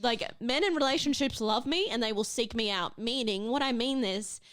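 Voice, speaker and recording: A woman's voice: a little high, normal speed, fairly bright tone, dry recording, clean studio sound. A young woman co-hosting a casual chat podcast, blunt and swearing, laughing often. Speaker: podcast co-host.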